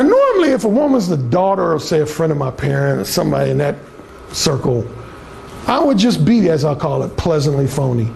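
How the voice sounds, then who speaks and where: A dating coach gives a live seminar to a small audience, his voice on the high side, slightly mellow and marked by vocal fry, with a little hiss or hum in the recording. He tells stories bluntly, swears, and acts out other people's lines.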